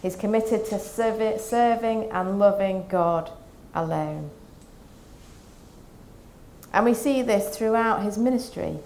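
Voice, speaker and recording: A woman preaching a Lent sermon, reading scripture and reflecting in a calm, measured way. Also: medium pitch, slight background noise.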